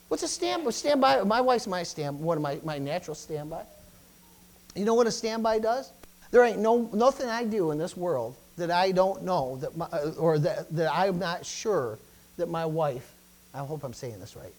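A man's voice: sits high, lively intonation, normal speed, rough recording. A middle-aged man preaching a sermon as pastor, stumbling into restarts, calling out Amen, and building to emphatic peaks.

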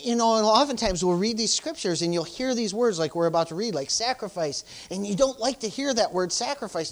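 A pastor, preaching informally, peppering talk with "praise the Lord" and "hallelujah," and urging the congregation emphatically. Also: medium pitch. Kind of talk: sermon.

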